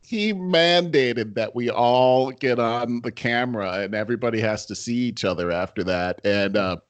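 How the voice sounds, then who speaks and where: A man's voice: mid-range voice, moderate pace, no echo, lo-fi sound. A middle-aged man co-hosting a podcast, telling anecdotes in casual chat and chuckling through his stories. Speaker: podcast co-host. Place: home in Los Angeles.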